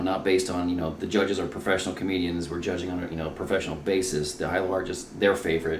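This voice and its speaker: Brief: male comedian guest, deep low voice, self-mocking and profane, echoey home setup. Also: a little hiss or hum. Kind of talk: casual podcast chat. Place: his own house.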